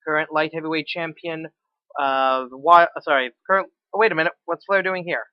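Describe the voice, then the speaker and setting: A man calling a wrestling game match play by play, excitable and quick to correct himself. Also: on the high side, clear, resonant tone, dry recording, highs cut off. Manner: excitable, self-correcting, swears at slips. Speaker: play-by-play commentator.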